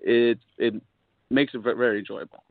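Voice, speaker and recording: A man chatting as a guest, speaking thoughtfully and hesitantly, often clearing his throat. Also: mid-range voice, fairly even intonation, moderate pace, no echo. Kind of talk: casual chat over a call. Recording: tinny call audio, dry.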